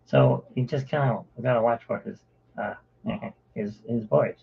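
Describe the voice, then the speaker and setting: A man's voice: mid-range voice, a little slow, creaky, slightly rough. A man chatting casually on a live art stream, rambling from one topic to the next. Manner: rambling, drifting between topics. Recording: tinny phone-like live-stream audio.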